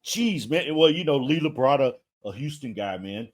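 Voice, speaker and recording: A man's voice: medium pitch, animated, normal speed. A man hosting an interview in a loose, casual chat, dropping "man" into his sentences. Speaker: interview host. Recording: loud crowd noise behind.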